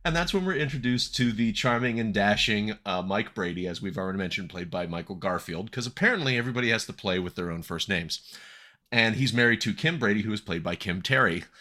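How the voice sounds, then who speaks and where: A man hosting a casual film review chat, wry and quick to laugh. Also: fairly low pitch, lively intonation, pushed and bright. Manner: wry, laughs often, talks through a plot summary. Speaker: podcast host reviewing a film.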